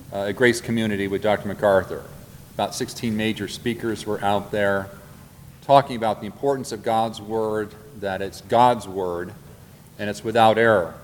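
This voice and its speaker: A man teaching a Bible class from notes, earnest and deliberate, repeating and slowing down on key points. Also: fairly low pitch. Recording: long hall reverb, faint background noise.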